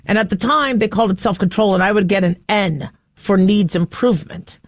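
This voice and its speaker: 50s woman host, chatty animated storyteller, mid pitch, dry close sound. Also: brisk, no echo. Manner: animated storyteller who acts out quotes. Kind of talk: monologue with anecdotes.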